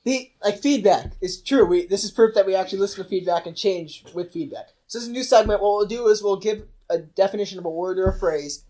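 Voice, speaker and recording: A man's voice: high-pitched, quick pace, hardly any pauses, warm tone. A young man co-hosting a podcast, leading the segment in casual chat and egging the others on with frequent laughs. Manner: leads the segment, eggs others on, laughs often. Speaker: podcast co-host.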